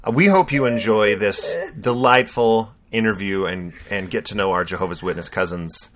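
A man's voice: lowish voice, normal speed. A man co-hosting a podcast, introducing the episode in a casual, jokey and rambling way. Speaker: podcast co-host. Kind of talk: casual chat.

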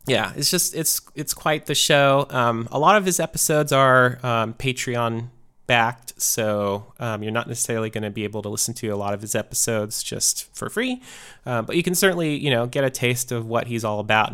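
A man's voice: medium pitch, a bit bright, clear, resonant tone. A man casually reviewing podcasts, rambling a little with many fillers and light laughs. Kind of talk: casual chat.

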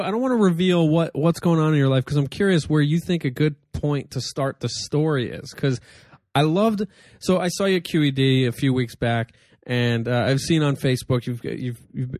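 A man's voice: a little high, darkish tone, dry recording, studio quality. A man hosting a comedy podcast, chatting casually with a guest and rambling through his questions with restarts. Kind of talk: casual interview chat.

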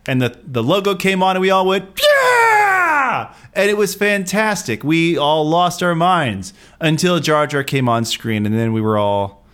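A man's voice: fairly high pitch, animated, moderate pace, hardly any pauses, fairly bright tone, smooth. A man in his thirties with an American accent co-hosting a casual movie podcast, teasing with dry jokes and ranting with energy. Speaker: podcast co-host. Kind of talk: casual movie review chat.

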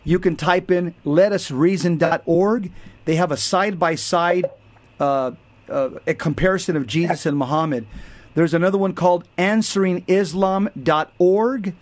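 A man's voice: sits high, moderate pace. A man explaining things earnestly in casual talk, listing points one by one and repeating himself.

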